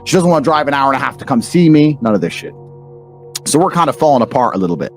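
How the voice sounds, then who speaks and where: Brash British man, podcast guest, rapid lively delivery, faint music behind. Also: mid-range voice. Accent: British English. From England. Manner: brash, profane, emphatic. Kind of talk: blunt storytelling and ranting.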